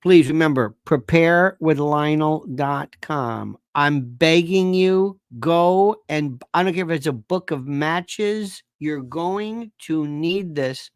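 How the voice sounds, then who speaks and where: A man's voice: a little high, lively intonation, takes it slowly, few pauses, clean tone, dry recording, clean studio sound. A man from Tampa, Florida, hosting a live commentary show, lecturing in a pedantic, sarcastic way. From Tampa, Florida, USA. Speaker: show host.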